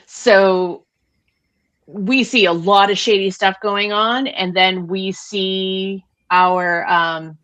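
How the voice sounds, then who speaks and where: A woman co-hosting a podcast, recapping a book in casual, animated chat full of fillers. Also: mid-range voice, takes it slowly. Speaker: podcast co-host.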